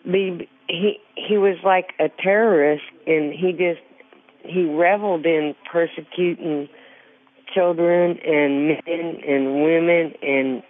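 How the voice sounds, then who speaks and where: Earnest woman calling in over a tinny phone. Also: fairly low pitch. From rural Illinois. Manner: earnest, halting, repeats herself. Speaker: caller. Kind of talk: call-in radio question.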